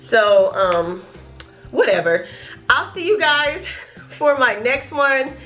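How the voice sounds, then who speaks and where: A young pregnant woman vlogging a casual rant, animated and laughing as she acts out what people say to her. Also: sits high, takes it slowly, soft background music.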